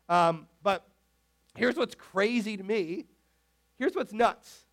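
A man preaching a casual, animated sermon, peppering his speech with "like". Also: high voice, slow. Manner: animated, filler-heavy with frequent "like"; talks to the tech crew mid-sermon. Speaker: pastor.

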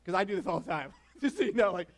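High-voiced chatty male preacher. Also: expressive, fast. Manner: chatty, frequent laughter, questions to the congregation. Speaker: pastor. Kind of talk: casual conversational sermon.

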